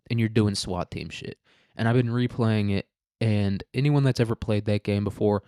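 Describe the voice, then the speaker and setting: A young man hosts a casual solo podcast, rambling and swearing through a rant, laughing often and leaning heavily on "dude" and "like." His voice is fairly low and a little mellow, nasal yet clear and resonant, recorded at studio quality with no room sound.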